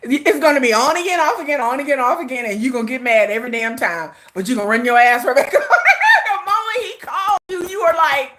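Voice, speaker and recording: A woman hosting a casual livestream, chatting in a playful, gossipy way. Her high voice swings all over the place, and she breaks into laughter often. The tone is bright and sharp. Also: animated, fast. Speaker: livestream host. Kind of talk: casual storytelling chat.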